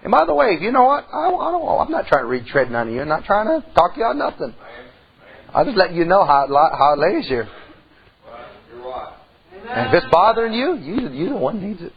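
A middle-aged man preaching a sermon in church, telling a folksy story and swinging from soft to loud. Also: sits high, very animated, brisk, long pauses, muffled recording. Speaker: pastor.

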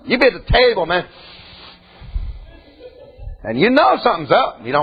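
A man preaching a sermon in a folksy, animated way, full of asides and questions to the congregation. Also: high voice, moderate pace, breathy edge, lo-fi sound, faint music behind.

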